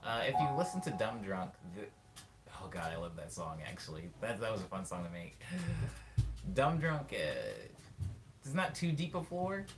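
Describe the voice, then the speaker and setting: A man, a musician, chatting casually with his stream viewers and rambling as he thinks aloud with lots of fillers. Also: fairly low pitch. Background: loud guitar playing.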